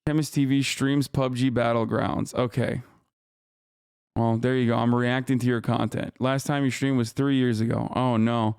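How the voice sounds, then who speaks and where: Profane, combative male streamer, crisp voice. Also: mid-range voice, little pitch movement, normal speed, a little mellow, no room sound, clean studio sound. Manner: profane, combative, ranting at his chat. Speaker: live streamer. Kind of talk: live-stream reaction commentary.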